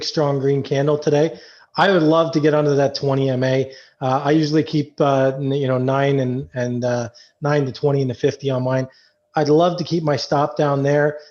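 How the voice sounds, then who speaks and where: Canadian guy rambling thru a trade setup, kinda high but mellow voice, muffled lo-fi audio. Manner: relaxed, loose explanations with many fillers. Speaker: trading coach guest. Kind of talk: casual trading chat. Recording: dull lo-fi audio.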